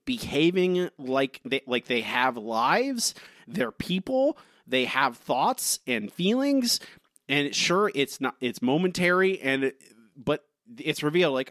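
A podcast co-host chats casually, rambling animatedly with lots of filler words. His mid-range voice is very animated but unhurried and fairly bright, recorded at studio quality with no room sound.

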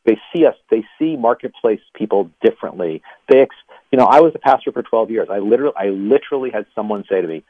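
A man, a former pastor, being interviewed on the radio and telling animated stories, laughing between lines. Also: fairly low pitch, fast, no room sound. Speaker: ministry guest, former pastor. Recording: dry tinny phone line.

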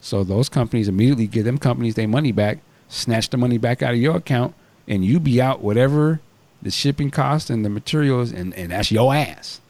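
A man's voice: medium pitch, fairly quick, a little mellow. A man hosting a podcast, telling a story in a blunt, profane, casual way. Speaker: podcast host.

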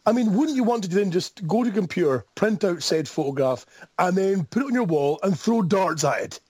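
A Scottish man phoning in on a mobile, his slightly high voice husky and close, recorded dry. He ribs the hosts with mock outrage and frequent laughs. His delivery swings between bursts of high excitement and mutters. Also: brisk, no echo. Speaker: caller. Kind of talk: comedic call-in banter. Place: phone call into a podcast. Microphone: mobile phone.

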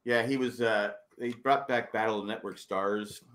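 A man co-hosting a podcast, telling stories in a sarcastic, animated way. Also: on the low side, normal speed, background noise. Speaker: podcast co-host. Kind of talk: casual podcast banter.

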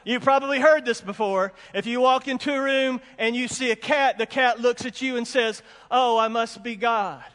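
High-voiced pastor in a reverberant hall. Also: male voice, fairly even intonation, moderate pace, hardly any pauses, fairly bright tone. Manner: emphatic, repeats warnings, folksy asides. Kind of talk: sermon. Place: church sanctuary with congregation.

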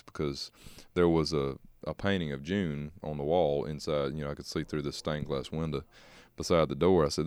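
A man as a country singer guest in a casual interview, talking in a halting, measured way with many fillers. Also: rumbling low, little pitch movement, darkish tone, smooth, dry recording.

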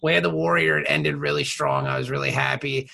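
A man's voice: mid-range voice, big pitch swings, a little fast, vocal fry, sharp tone, husky. A man hosting a podcast, telling emotional stories in casual, profane chat. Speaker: podcast host.

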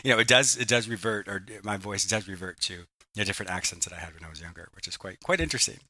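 A man's voice: low voice, quick pace, bright, forceful tone, dry recording. A man who grew up in Michigan and Canada, hosting a podcast and encouraging his guest. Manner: attentive, encouraging, lots of affirmations. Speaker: podcast host. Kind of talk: podcast interview.

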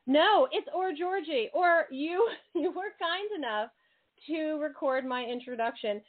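A woman hosting an interview show, bubbly and quick to laugh, talking eagerly with her guest. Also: high voice, animated. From United States. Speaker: host. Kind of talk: casual interview chat. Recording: tinny phone-like sound.

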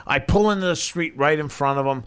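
Profane, animated storytelling man. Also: on the high side, a little fast, smooth. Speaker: podcast co-host. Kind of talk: casual chat, storytelling.

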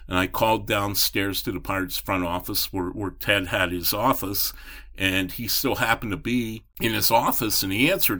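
A man's voice: lowish voice, bright, forceful tone. A middle-aged man, a baseball reporter, telling long rambling anecdotes in an interview, with many restarts and fillers. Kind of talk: storytelling in a podcast interview.

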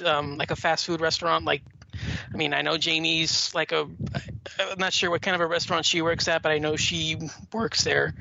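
A man's voice: a little high, creaky, sharp tone. A man talking as a podcast guest, telling a long story in a rambling way with many fillers and restarts. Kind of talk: casual chat. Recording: dull lo-fi audio with faint noise.

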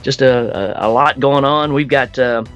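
A man guesting on a podcast, rambling and joking in a relaxed, casual way. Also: medium pitch, moderate pace, clean tone, dull audio, soft background music.

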